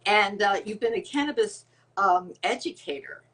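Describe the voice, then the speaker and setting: A woman's voice: mid-range voice, lively intonation, normal speed, a bit bright. Bubbly woman hosting a live webinar. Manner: bubbly, greets viewers by name. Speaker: webinar host. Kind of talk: casual live-stream welcome and interview.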